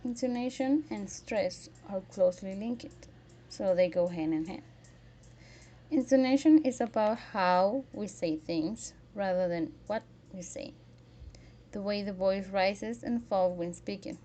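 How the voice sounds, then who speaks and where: Woman, pronunciation teacher, slow measured delivery, faint background hiss, clear modelled words. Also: medium pitch, warm tone. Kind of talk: scripted pronunciation lesson.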